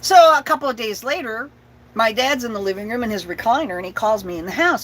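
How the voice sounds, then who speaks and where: Lively, laughing woman telling a story. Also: mid-range voice, brisk, breathy edge, low-quality recording. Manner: profane, laughing, acts out family voices. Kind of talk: personal story told to an audience.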